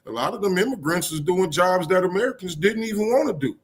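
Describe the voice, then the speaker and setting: Slightly high-voiced dude, chill, rambles, keeps saying you know what i mean. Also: male voice, lively intonation, fast talker. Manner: laid-back, rambling, profane. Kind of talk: casual live-stream chat.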